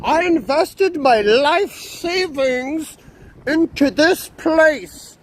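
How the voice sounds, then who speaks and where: A man's voice: very high-pitched, animated, very slow, a little hiss or hum, voice pushed up, exaggerated voice. A man mimicking a bitter, crying man who scolds and whines about losing his savings. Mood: scolding. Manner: scolding, whiny.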